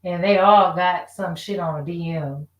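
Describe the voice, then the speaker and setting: A woman's voice: lowish voice, measured pace. A woman venting in a casual, rambling rant, frustrated and profane, full of rhetorical questions. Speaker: vlogger. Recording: echoey room.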